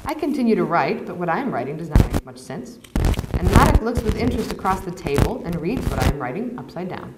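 A woman author reading her novel aloud to an audience at a university, in measured, even first-person narration. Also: lowish voice, very noisy. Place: university lecture hall. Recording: echoey hall.

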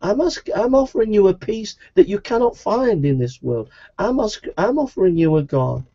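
A man's voice: high-pitched, animated, normal speed, dark tone, highs cut off. A man preaching a sermon in an earnest, repetitive evangelistic style.

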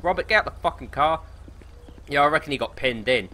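A man with a British accent commentating on his gameplay, excitable, swearing a lot and laughing often. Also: a little high, fairly quick. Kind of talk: casual let's play commentary.

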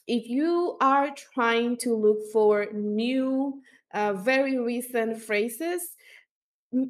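A woman teaching as an instructor, explaining step by step with fillers and small self-corrections. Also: a little high. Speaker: language instructor.

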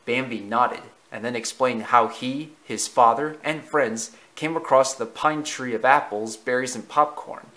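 A man narrating a storybook slowly and deliberately, with small slips in the reading. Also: medium pitch, sharp tone, low-quality recording.

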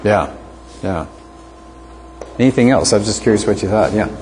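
A man's voice: fairly low pitch, animated, moderate pace, a little mellow, slight background noise. A man teaching an apologetics class, lecturing conversationally and asking the students rhetorical questions.

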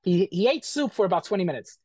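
A man's voice: sits high, animated, quick pace, darkish tone, dry recording, clean studio sound. A man being interviewed, bluntly retelling a bad experience in casual, profane talk full of quoted back-and-forth.

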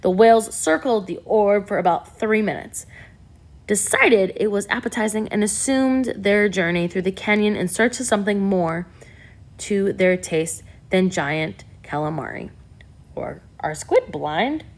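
A woman narrating a novel aloud in a steady, even reading style. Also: medium pitch, unhurried. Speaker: audiobook narrator. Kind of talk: scripted narration.

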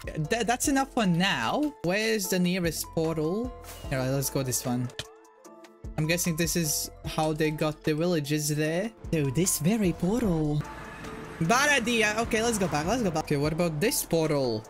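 A man giving playful commentary while he plays, thinking aloud, getting excited and making silly sound effects. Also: fairly high pitch, unhurried, soft background music. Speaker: Minecraft video creator.

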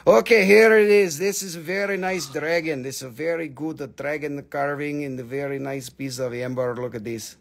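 A man's voice: fairly high pitch, fairly even intonation, moderate pace, creaky, hardly any pauses. A man selling rocks and amber on a live stream, teasing viewers, swearing freely and rattling off bargain prices in non-native English phrasing. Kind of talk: joking live sales pitch.

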